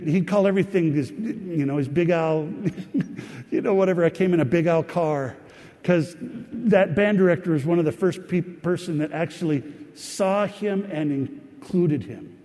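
Man telling a story in a big hall. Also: on the high side. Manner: warm, rambling anecdotal storytelling with pauses. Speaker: speaker telling a personal story. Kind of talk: storytelling to an audience. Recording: long hall reverb.

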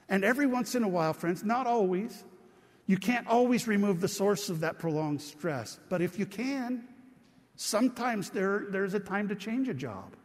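A middle-aged man preaches from a church sanctuary, his voice sitting a little high for a man. He keeps it conversational, often checking in with the people listening. A long reverb from the hall hangs after each phrase. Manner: conversational, calls out to the congregation. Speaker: pastor. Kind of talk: sermon.

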